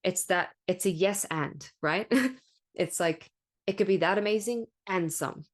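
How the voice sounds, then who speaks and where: A woman with a low, deep-set voice talks through a spiritual podcast monologue. She is candid and emphatic, swears freely, and keeps checking in with a rhetorical "right?". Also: measured pace. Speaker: podcast host.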